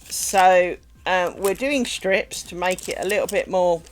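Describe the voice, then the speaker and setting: A woman's voice: lowish voice, a little slow, a little hiss or hum. A woman with a light London-ish English accent, chatting casually on a craft stream while she works. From England. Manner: chatty, rambling, muttering to herself while working. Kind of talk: casual live-stream chat while making lace.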